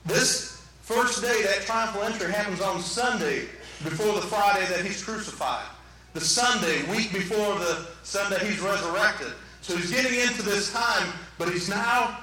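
A man's voice: high voice, bright, forceful tone. A man preaching a sermon to his church, folksy and joking with the congregation. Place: church sanctuary. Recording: echoey church from a distance, faint noise.

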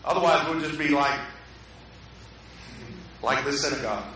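Pastor preaching, high bright voice, lots of echo, mic pretty far off. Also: male voice, moderate pace, a little hiss or hum. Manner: conversational, asks the congregation questions. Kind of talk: sermon. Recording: echoey hall, mic at a distance.

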